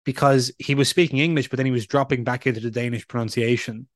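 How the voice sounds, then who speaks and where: A man co-hosting a casual podcast, telling stories with frequent filler pauses. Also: mid-range voice, steady tone, no echo, clean studio sound. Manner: chatty, storytelling with filler pauses. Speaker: podcast co-host. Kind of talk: casual chat.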